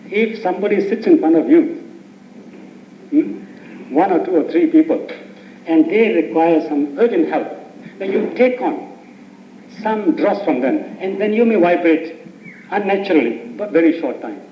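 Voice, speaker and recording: On a dull, echoey 1980s tape with a little hiss or hum, a man teaches meditation in an informal spiritual talk. His voice is a little high with lively intonation, a bit slow and full of pauses. He tells anecdotes, laughs often, and answers audience questions.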